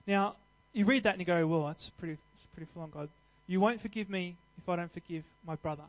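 Male preacher, high voice, earnest and conversational, emphatic at peaks. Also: fast, muffled recording. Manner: earnest, conversational, with restarts and fillers; builds to louder emphatic passages. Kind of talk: sermon.

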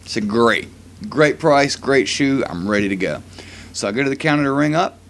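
A man's voice: medium pitch, moderate pace, creaky, a little hiss or hum. Give me a laughing male podcast co-host spinning a story and acting out the voices in it. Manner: animated storyteller, laughs often, acts out quoted voices. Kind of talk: casual storytelling chat.

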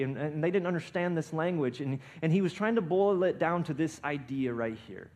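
A man preaching a sermon, building to loud emphatic peaks and often restarting his words. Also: brisk, few pauses. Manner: emphatic preaching with swells in volume and pitch; frequent restarts and repeated words. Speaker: pastor.

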